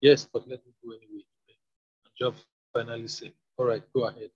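Male scripture reader, mid-pitched, slightly husky, dull lo-fi sound. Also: flat delivery, normal speed, a little mellow, no echo. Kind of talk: Bible reading. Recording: dull lo-fi recording.

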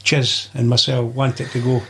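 A man's voice: medium pitch, monotone, measured pace, sharp tone. An older man with a Scottish accent, a podcast guest telling rambling stories and swearing freely. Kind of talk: anecdotal storytelling.

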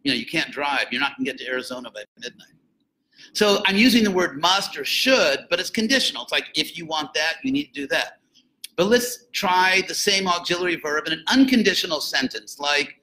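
Bright, lively man lecturing with jokey asides. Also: high-pitched, a little fast, low-quality recording. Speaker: lecturer on philosophy and religion. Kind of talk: informal lecture.

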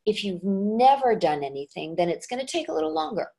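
A woman, an actress and dialect coach, chatting as a guest in an interview and telling stories with animated, jumping pitch. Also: a little fast, gravelly. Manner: animated storyteller with lively pitch jumps. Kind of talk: casual interview chat.

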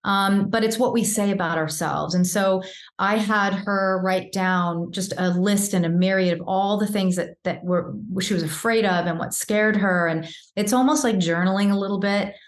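A woman in her fifties, a vocal coach, telling a personal story in a candid, animated way during a casual interview. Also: mid-range voice, moderate pace, roomy sound.

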